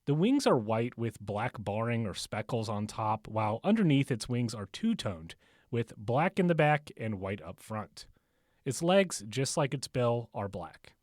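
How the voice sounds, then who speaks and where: A man's voice: medium pitch, sing-song, a little slow, darkish tone, no echo, studio quality. A man hosting a podcast in a chatty, casual way, laughing at his own jokes and using many fillers, recorded in a bookstore. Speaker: podcast host.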